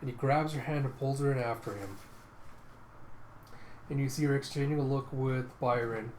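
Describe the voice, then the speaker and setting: A man's voice: mid-range voice, moderate pace, a little mellow. Man casually retelling a comic. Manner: casual, filler-heavy retelling. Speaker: comic book reader. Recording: roomy room with faint noise.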